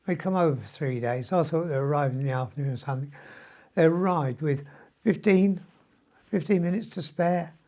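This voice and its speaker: A man's voice: a little high, normal speed, darkish tone. A man, rambling through a personal video diary with mild swearing and frequent ums, sounding weak and short of breath from illness. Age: 70s. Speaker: vlogger.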